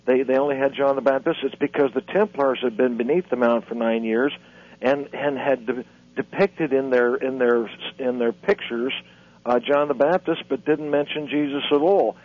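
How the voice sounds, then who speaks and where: A man's voice: mid-range voice, steady tone. A man, an author and lecturer, speaking as a guest on a radio interview in an earnest, lecturing way. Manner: earnest, lecturing, halting restarts. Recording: muffled radio broadcast.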